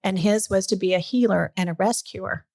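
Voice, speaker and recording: A middle-aged woman hosting a podcast, telling a personal story in casual chat, lively and earnest, at times emotional. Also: mid-range voice, moderate pace, gravelly. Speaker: podcast host.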